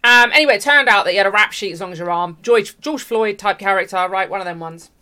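A woman's voice: medium pitch, fast, pushed and bright. A woman from the UK hosting an online commentary show, speaking emphatically, repeating her points and addressing her viewers directly. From United Kingdom. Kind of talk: opinionated commentary.

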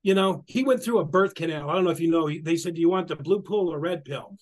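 Middle-aged guy with a pretty high voice, animated spiritual talk, repeats himself a lot, acts out quotes. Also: fast talker. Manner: animated, repetitive, acts out quotes, laughs often. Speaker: spiritual guest speaker.

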